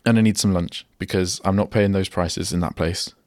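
A young man's low, slightly mellow voice moves at normal speed with fairly even intonation as he hosts a radio show alone. He's chatty and rambling, tending to drop sentences halfway through. The recording from the radio studio is dry.

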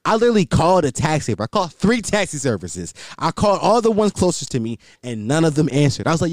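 A man's voice: on the high side, very animated, quick pace, few pauses, no room sound, studio quality. A man hosting his podcast alone, telling a crude story in casual slang and laughing along the way. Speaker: podcast host.

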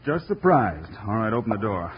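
A man playing a steady, commanding western hero in 1950s radio acting, on a lo-fi transcription. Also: fairly low pitch, normal speed, heavy background noise. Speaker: western hero Wild Bill Hickok.

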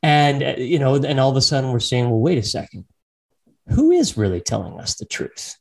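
A man's voice: medium pitch, sing-song, a little fast, creaky. Reflective male podcast host. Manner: reflective, frequent listening murmurs. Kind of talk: casual interview conversation.

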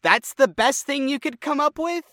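A man's voice: extremely high pitch, expressive, moderate pace, bright, forceful tone, no echo, clean studio sound. A man co-hosting a podcast, mocking a film's plot in casual, incredulous chat. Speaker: podcast co-host. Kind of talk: casual movie review chat.

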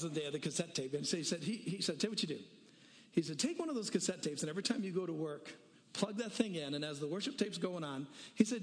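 A man's voice: on the high side, long reverb tail. A man preaching a sermon, telling a story with voices for each person and daring listeners to pray honestly. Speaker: pastor.

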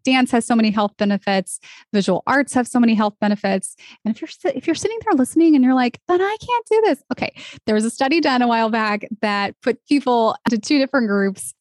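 An earnest, encouraging woman speaking as a guest on a podcast. Her voice sits in a middle pitch, recorded dry and close with no room around it. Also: no room sound. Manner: earnest and encouraging, animated when quoting others. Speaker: podcast guest, vocalist and arts nonprofit founder. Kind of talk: conversational interview.

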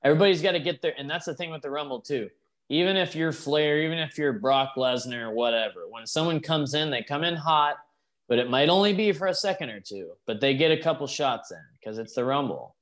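A man's voice: a little high, lively intonation, fairly quick, a bit bright. A man co-hosting a podcast, chatting loosely and cursing often as he watches along. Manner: loose, profane, jokey. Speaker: podcast co-host. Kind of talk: casual watch-along chat.

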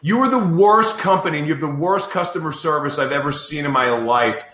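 Bright-voiced exasperated male podcast host. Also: a little high, brisk, echoey room, a little hiss or hum. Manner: exasperated, ranting about tech trouble. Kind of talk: casual live-stream talk.

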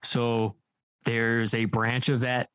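A man's voice: medium pitch, monotone, slow pace, fairly bright tone, clear, resonant tone, no echo. An easygoing man co-hosting a casual podcast chat. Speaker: podcast co-host guest.

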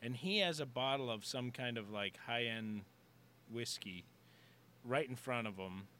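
A man with a bright, forward voice spins loose, meandering stories between friends. He pads his sentences with easy fillers, and a faint hiss sits under the recording. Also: mid-range voice, unhurried. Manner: rambling, laid-back anecdotes with fillers. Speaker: comedian co-host. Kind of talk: casual storytelling chat. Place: comedy club.

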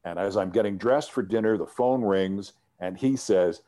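A middle-aged man tells an interview story in a fairly low, mellow voice. He talks in an animated way and often stumbles and restarts as he goes. He is a former sports TV host sitting as a guest. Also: moderate pace. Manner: animated anecdote teller with frequent restarts.

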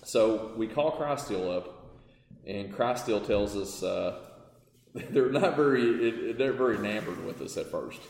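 A male podcast guest who partly owns a company tells casual stories in an interview, acting out dialogue and laughing often. His voice is fairly low with vocal fry, and he speaks unhurriedly. The room is roomy with a long reverb.

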